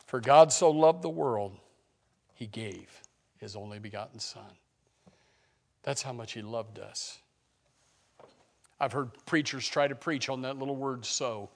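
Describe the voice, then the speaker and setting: Unhurried and full of long pauses, a pastor's sermon comes in a voice with vocal fry. He moves between loud proclamations and hushed, low lines, asking the congregation rhetorical questions.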